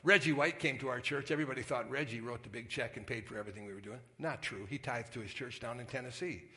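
An older man preaching a sermon as a pastor, telling stories in a folksy, conversational way and dropping to a hushed whisper for quoted voices. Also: mid-range voice, fast. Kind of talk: storytelling sermon.

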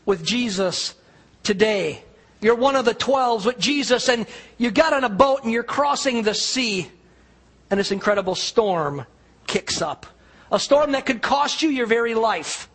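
A man preaching a sermon, retelling a story vividly and dropping to a near hush on the quiet lines. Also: very high voice, slightly rough. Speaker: pastor.

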